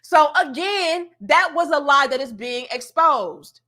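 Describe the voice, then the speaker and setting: A blunt, sassy woman rants to her viewers in a high, bright voice. She lectures in slang with plenty of attitude, and her tone stays sharp and forceful throughout. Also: expressive, slow pace. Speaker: commentary vlogger. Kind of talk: opinionated commentary rant.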